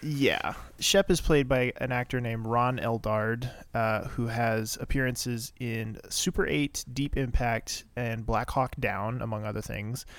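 A man co-hosting a podcast, talking through a TV episode in a loose, rambling way. He uses a lot of asides and fillers. His voice sits at an ordinary pitch, recorded dry and close with no room sound. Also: steady tone, a little slow, hardly any pauses, fairly bright tone, dry recording. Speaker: podcast co-host. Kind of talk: casual episode recap chat.

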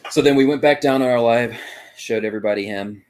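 A man's voice: mid-range voice, fast talker, darkish tone, a little hiss or hum. A man co-hosting a paranormal podcast, casually recapping a ghost-hunting night, rambling with frequent restarts. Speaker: paranormal investigation podcast co-host.

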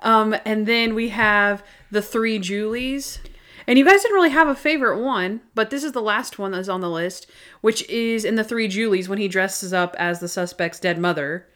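A woman's voice: medium pitch, a bit bright, clean tone. A woman co-hosting a casual podcast, chatting about favorite scenes from a TV show and acting out bits of dialogue as she goes. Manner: chatty, retells scenes with quick quoted voices and laughter. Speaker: podcast co-host. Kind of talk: casual chat recapping a TV show.

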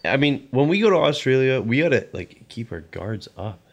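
A man's voice: mid-range voice, big pitch swings, normal speed. A young man co-hosting a podcast, chatting casually with loose, swearing banter. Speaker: podcast co-host. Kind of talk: casual chat.

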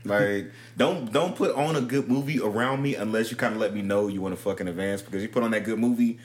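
A man with a fairly low voice trading laid-back, profane banter as a podcast co-host. His talk is slangy and unhurried. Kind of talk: casual chat.

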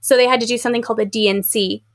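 A chatty woman on a casual book podcast, her voice sitting a little high. She rambles through her thoughts with plenty of "like"s and acts out what other people said. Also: rapid-fire. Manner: chatty, filler-heavy, animated retelling with acted quotes. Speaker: podcast co-host.

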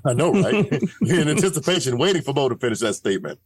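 A man's voice: mid-range voice, sing-song, fast, husky. A man bantering and joking as a co-host on a veterans' podcast. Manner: joking, teasing. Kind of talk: casual chat.

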